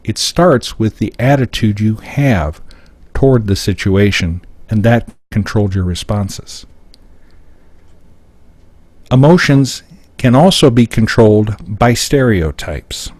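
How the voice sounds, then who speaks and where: In a slow, expressive delivery, a middle-aged American seminar speaker explains his slides point by point at a live event. His voice is fairly low with a darkish tone, and the recording has no echo.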